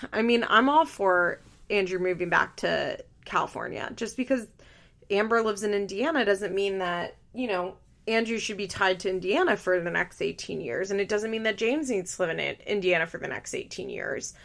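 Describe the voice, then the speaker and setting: Opinionated woman with vocal fry. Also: medium pitch, lively intonation, moderate pace, a bit bright. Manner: blunt, opinionated, heavy use of "like" fillers. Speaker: podcast host recapping a reality show. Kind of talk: casual chat.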